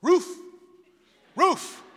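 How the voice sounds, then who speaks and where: A man's voice: very slow, fairly bright tone, big-room sound. Talking male dog, eager and a bit dim, barking replies, put on by a man telling a joke. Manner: barking out answers.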